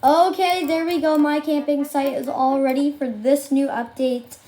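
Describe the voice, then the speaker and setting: High, excitable woman gaming streamer. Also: normal speed. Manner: gushing, excitable, squeals and exclaims often. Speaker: game streamer. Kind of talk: live gameplay commentary to viewers.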